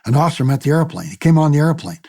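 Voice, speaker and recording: A retired military pilot in his later years tells his memories for an oral-history interview. His voice is gravelly and husky, with a dark, mellow tone. He tells the story in a lively way, acts out the people he quotes, and repeats words as he finds his place. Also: on the high side, very fast. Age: older. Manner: repeats words when he restarts.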